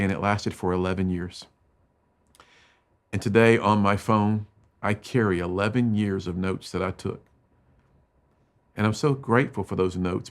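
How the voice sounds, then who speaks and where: Gravelly middle-aged man, dramatic storyteller. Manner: swings between loud emphatic bursts and hushed low lines. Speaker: motivational speaker. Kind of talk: emotional storytelling talk to students.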